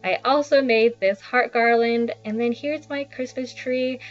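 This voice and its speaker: A woman's voice: a little high, fairly even intonation, measured pace. A young woman casually narrating a tour of her small basement apartment, chatty and self-deprecating with rambling asides. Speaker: vlogger giving a home tour. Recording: slightly dull lo-fi sound with faint background music.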